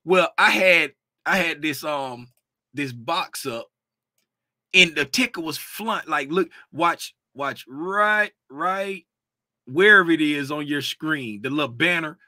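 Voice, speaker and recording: A man's voice: on the high side, slow, bright, forceful tone, dry recording. A man in a casual livestream, talking loosely to his viewers about trading, easily sidetracked. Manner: loose, distractible, talks straight to chat. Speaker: trading educator.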